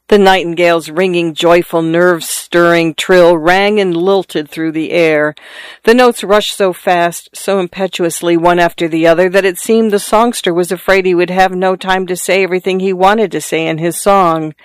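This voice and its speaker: A narrator reading a classic story in an even, measured way. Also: medium pitch, clean tone, no echo. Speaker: audiobook narrator.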